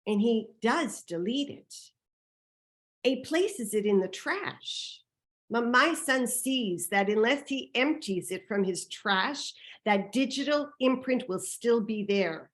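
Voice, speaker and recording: A woman telling a personal story on stage, dramatic and vivid, moving between hushed and loud. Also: medium pitch, animated, measured pace. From Canada.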